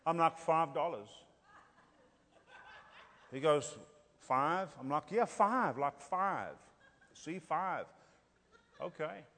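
A middle-aged South African man preaches a humorous storytelling sermon, playfully acting out the dialogue and tossing in rhetorical "Hello?" asides. His voice is a little high, expressive and a bit bright, at a slow pace, with long hall reverb on the recording.

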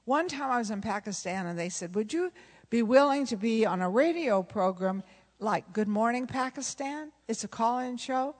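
A woman's voice: fairly high pitch, lively intonation, moderate pace. A woman, a pastor's wife, preaching a sermon and telling stories, acting out the dialogue and often laughing. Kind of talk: sermon with storytelling. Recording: long reverb of a large hall.

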